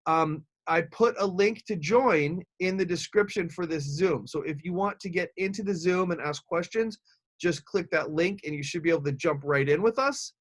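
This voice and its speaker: Man, speaking coach, live webinar, upbeat and energetic, slightly high voice, video call mic. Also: normal speed. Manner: energetic, upbeat, addressing viewers directly.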